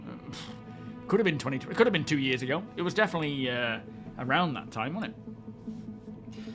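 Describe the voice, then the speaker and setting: A man's voice: fairly high pitch, animated, normal speed. Guy chatting on his stream, rambly and laid back, faint music behind. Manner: rambling, chatty, greets viewers. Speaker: live-stream host. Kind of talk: casual live-stream chat.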